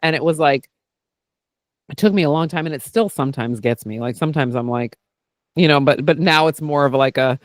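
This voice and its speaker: A man who hosts a podcast and works as a therapist, talking in a casual chat. He is candid and animated, swears freely and keeps saying "like" and "right?". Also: a little high, a little fast, dry recording, clean studio sound. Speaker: podcast host and therapist doing intuitive work.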